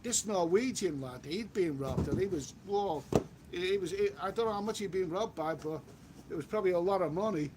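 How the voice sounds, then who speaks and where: Out on a walk, a travel vlogger chats casually on a live stream, reading viewer comments aloud and repeating himself. His voice is high-pitched and brisk, and the audio is very noisy.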